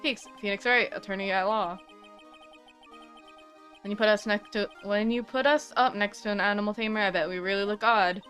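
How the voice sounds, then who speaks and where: A woman's voice: mid-range voice, fairly even intonation, normal speed, fairly bright tone, faint music behind, natural voice. Woman reading as an exasperated young male lawyer. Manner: exasperated, dry.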